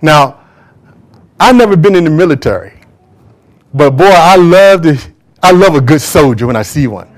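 A man's voice: on the high side, animated, normal speed. A man preaching a sermon to a church congregation, emphatic and drawing call-and-response from the crowd. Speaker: pastor.

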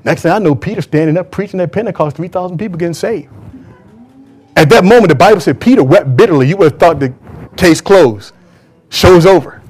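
A man's voice: sits high, a little fast, a little mellow, breathy edge. A man preaching a sermon to a church congregation, emphatic and drawing call-and-response from the crowd. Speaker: pastor.

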